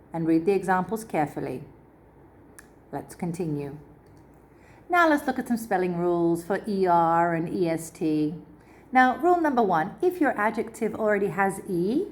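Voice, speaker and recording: Lowish woman's voice, teacher walking through grammar rules slowly, spells stuff out. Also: darkish tone. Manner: patient, spells words out letter by letter. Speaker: English teacher. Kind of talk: grammar lesson video.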